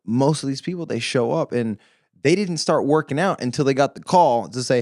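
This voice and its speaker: A man's voice: mid-range voice, lively intonation, brisk, a little mellow, no room sound, clean studio sound. A man from Oklahoma, a guest on a podcast, chatting casually and acting out the people he quotes in mocking voices.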